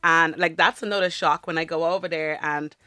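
Bright Dublin-accented woman. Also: deep voice, fairly quick, no room sound. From Caribbean, raised in Dublin from age ten. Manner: lively storyteller, laughs easily. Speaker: panel guest. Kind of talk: casual chat.

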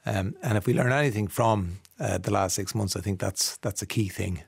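A middle-aged Irish man hosting a radio show in a relaxed, chatty and amused way, reading out listener messages. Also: lowish voice, normal speed, vocal fry, slightly rough, no room sound. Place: radio studio.

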